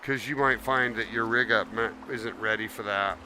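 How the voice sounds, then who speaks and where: A man chatting casually on a live game stream, warm toward his viewers and sometimes talking about himself in the third person. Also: fairly low pitch, steady tone, moderate pace, a little hiss or hum. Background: background music.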